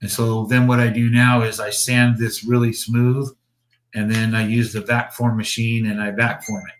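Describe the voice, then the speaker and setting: A man's voice: mid-range voice, level tone, normal speed. A man hosting a casual livestream, chatting about his model builds in a rambling way, with swearing and chuckles. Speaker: slot car builder and show host.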